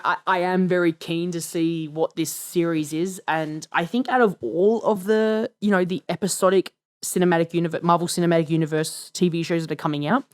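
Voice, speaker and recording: A man co-hosting a podcast in casual chat, enthusiastic and often repeating words as he goes. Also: fairly high pitch. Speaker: podcast co-host.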